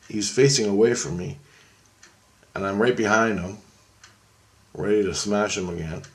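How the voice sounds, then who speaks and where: A man with a low, gravelly voice tells a story off the cuff. He rambles, swears freely and keeps backing up to fix his own words. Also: moderate pace. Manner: rambling, profane, self-correcting. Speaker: vlogger recounting a dream. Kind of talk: casual spoken storytelling monologue.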